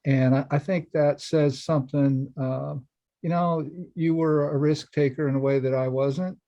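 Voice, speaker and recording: A man's voice: fairly high pitch, steady tone, unhurried, dark tone, no room sound, dull audio. A man answering a family storyteller, hesitant and full of fillers.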